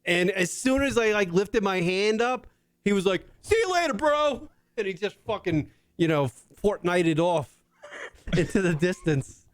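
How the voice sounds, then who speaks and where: A man's voice: high-pitched, unhurried, no room sound. A man in his thirties co-hosting a comedy podcast, telling stories casually with lots of swearing. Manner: profane, animated storytelling. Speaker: podcast co-host.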